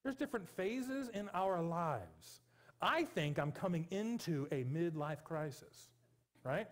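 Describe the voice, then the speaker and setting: A pastor in his forties preaches to his congregation in a church, his voice sitting a little high for a man. He pleads earnestly and sometimes breaks into animated, joking stretches. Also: a little slow, breathy edge. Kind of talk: sermon. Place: church sanctuary.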